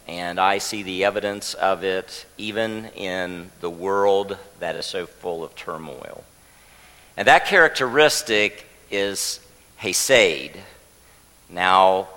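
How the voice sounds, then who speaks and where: Bright-voiced pastor preaching in a hall. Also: male voice, lowish voice. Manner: warm, joking teacher leading the congregation. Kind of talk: sermon. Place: church sanctuary.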